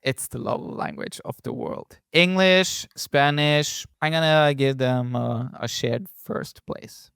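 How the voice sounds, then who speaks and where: Gravelly-voiced man chatting. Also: fairly high pitch, fairly bright tone, no echo, clean studio sound. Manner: easygoing storyteller, bursts into quick speech, playful. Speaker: podcast co-host. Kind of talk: casual chat.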